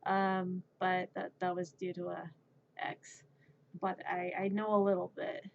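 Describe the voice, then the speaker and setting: Woman streaming, talks slow and rambles, jokes at herself, kinda muffled lo-fi sound. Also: fairly low pitch, monotone, creaky, a little hiss or hum. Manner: rambling, self-mocking, laughs at herself. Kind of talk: casual chat. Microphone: streaming microphone.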